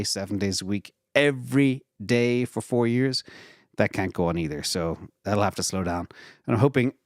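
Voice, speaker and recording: Host, male, lowish voice, loose conversational delivery with lots of "um"s and self-corrections, dry close sound. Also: no echo. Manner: casual, rambling explanations with frequent fillers and restarts. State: retired from regular work. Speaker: investing channel host. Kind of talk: live Q&A answering viewer questions.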